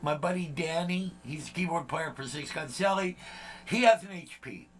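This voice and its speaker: A man's voice: a little high, moderate pace, fairly bright tone. A man, chatting casually as a vlog host, rambling and joking with lots of fillers and asides. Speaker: channel host.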